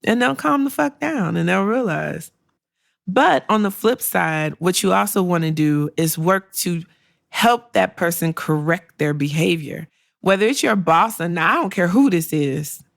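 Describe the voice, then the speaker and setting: Middle-aged woman podcast host, low and gravelly, sassy and blunt advice delivery, dry close recording. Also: expressive, unhurried, no room sound. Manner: blunt, sassy and conversational, with laughs and acted-out quotes. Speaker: podcast host and career coach. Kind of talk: candid solo podcast advice.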